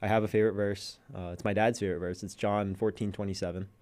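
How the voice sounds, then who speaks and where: Low-voiced young man telling a story. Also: fast talker. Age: young adult. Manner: animated storyteller, acts out quotes. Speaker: podcast guest. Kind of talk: casual storytelling chat.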